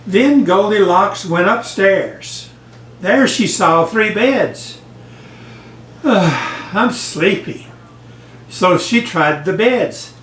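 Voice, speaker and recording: An older man reading a bedtime story to his grandchild, slow and gentle. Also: high-pitched, animated, a little hiss or hum. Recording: echoey room, voice off-mic.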